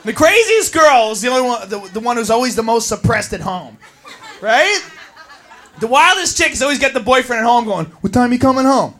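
A male stand-up comedian, profane and animated, shouting his bits on stage. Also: very high voice, fairly quick. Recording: live club with loud crowd and noise.

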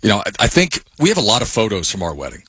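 Man, podcast co-host, rambling anecdotes, somewhat low voice, dry close mic. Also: wildly swooping pitch, racing, bright, forceful tone, breathy edge, dry recording. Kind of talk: casual chat.

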